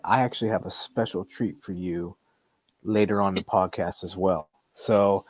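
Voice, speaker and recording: A man's voice: sits low, fairly even intonation, normal speed, no echo. A man hosting a podcast, chatting in a loose, rambling way with lots of fillers and restarts. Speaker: podcast host. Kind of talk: casual podcast chat.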